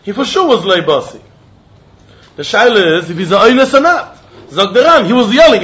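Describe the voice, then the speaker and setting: Animated man teaching Talmud. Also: sits high, normal speed. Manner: animated, acts out quotes, mixes in Yiddish and Hebrew terms. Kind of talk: Talmud lesson. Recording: dull lo-fi recording.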